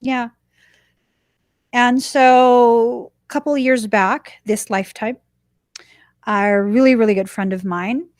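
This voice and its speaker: A woman podcast host telling a personal story in an animated, chatty way, laughing now and then. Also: medium pitch, dry recording, studio quality.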